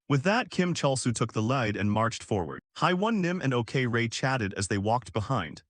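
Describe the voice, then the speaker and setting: A male narrator reading a dramatic story recap from a script. The delivery is lively, rising and falling a lot. The voice sounds close and dry. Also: mid-range voice, moderate pace, few pauses, no echo.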